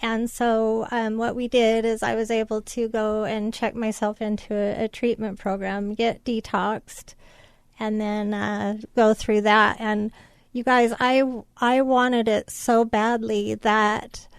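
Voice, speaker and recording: Guest: middle-aged woman, even-pitched, smooth clear voice, halting and tearful delivery. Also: no echo. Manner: tearful, halting, many fillers. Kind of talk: emotional personal story.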